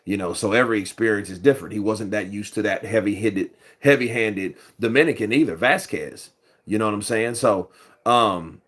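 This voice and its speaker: A man's voice: lowish voice, moderate pace, fairly bright tone. A man with a cold hosting a casual boxing news livestream, rambling with lots of fillers and greeting viewers in the chat. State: has a cold.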